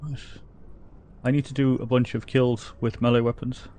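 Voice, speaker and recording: A man's voice: mid-range voice, flat delivery, moderate pace, a little mellow. A man with an Irish accent from the Republic of Ireland, streaming a game and chatting casually with viewers, reading their comments aloud and laughing often. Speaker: livestreamer. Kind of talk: casual chat while gaming.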